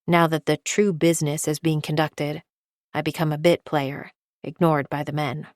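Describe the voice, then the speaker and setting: A woman narrating a thriller audiobook in the first person with a steady, measured reading. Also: low-pitched, no echo, clean studio sound.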